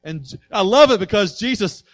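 A male pastor delivering a sermon, emphatic, swinging from quiet asides to loud passages and asking the congregation rhetorical questions. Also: high-pitched, animated, normal speed, no room sound.

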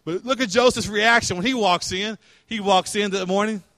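A man's voice: high-pitched, normal speed, fairly bright tone, no echo. A male pastor preaching a sermon in a conversational way, asking questions and retelling scripture in everyday words.

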